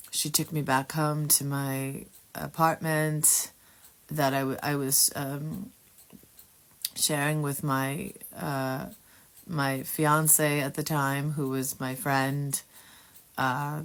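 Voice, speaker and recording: A woman with a very low, deep voice shares her personal faith testimony at an unhurried, slow pace. She speaks candidly and earnestly, pausing often as she gathers her thoughts. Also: fairly bright tone. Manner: candid, earnest, halting with frequent pauses. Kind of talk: casual personal testimony storytelling.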